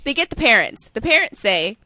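Female radio co-host, animated storyteller, very lively pitch, dry close mic. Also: brisk, dry recording. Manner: animated, acts out quotes, laughs.

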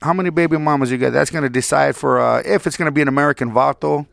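A man's voice: on the high side, rapid-fire, vocal fry, a bit bright. A man co-hosting a casual chat show, joking and laid-back, full of slang. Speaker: podcast co-host.

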